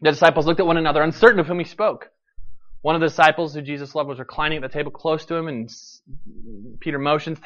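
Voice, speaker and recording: A male pastor preaching a sermon in an animated storytelling manner, acting out quotes. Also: fairly high pitch, fast, dull audio.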